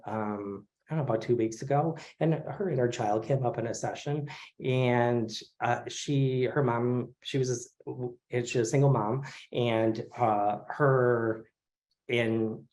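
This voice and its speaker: A man in his forties teaching an online therapy class, talking in a relaxed, conversational way with many fillers over a video call. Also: mid-range voice. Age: 40s. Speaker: craniosacral therapy instructor. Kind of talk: casual online lecture.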